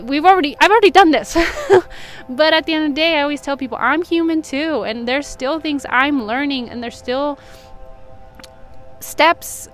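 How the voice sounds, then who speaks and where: High-voiced woman, earnest and confessional. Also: a bit bright. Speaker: intuitive healer and reader. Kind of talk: candid personal vlog talk. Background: faint music from a neighbor.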